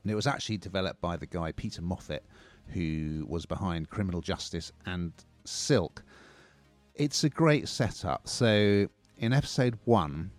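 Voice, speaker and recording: Guy with a lowish voice chatting about new shows, enthusiastic, faint music under him. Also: expressive, normal speed. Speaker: TV and film reviewer on radio. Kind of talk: casual radio review chat.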